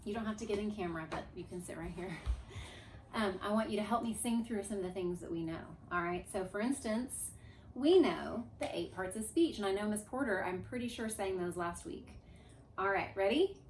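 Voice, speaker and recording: A woman teacher with a medium-pitched voice runs a grammar review in a classroom with a board, speaking fairly quickly with a little hiss or hum on the line. She's lively and coaxing, drawing answers out of the class and leading chants. The room sounds echoey.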